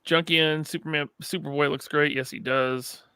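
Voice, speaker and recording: A man's voice: fairly high pitch, fairly even intonation, moderate pace, sharp tone, clear, resonant tone, dry recording. A man co-hosting a podcast in casual chat, enthusiastic and chatty. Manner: enthusiastic, chatty, laughs often. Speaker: podcast co-host.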